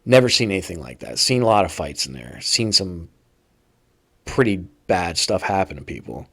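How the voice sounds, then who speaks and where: Male host, slightly low voice, conversational first-person storytelling. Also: very animated, normal speed, gravelly, breathy edge. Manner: casual, conversational, acts out quoted voices loudly. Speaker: podcast host telling prison stories.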